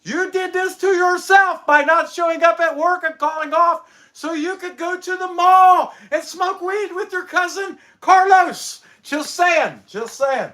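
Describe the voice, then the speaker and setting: A man's voice: extremely high pitch, fairly even intonation, unhurried, few pauses, bright, forceful tone. A man hosting a woodcarving channel, rambling through a casual joking monologue full of wisecracks.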